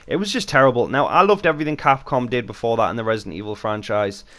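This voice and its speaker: A man's voice: mid-range voice, animated, quick pace, pushed and bright. A British man hosting a casual gaming Q and A vlog, talking off the cuff with a chatty, rambling manner. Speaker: YouTube channel host.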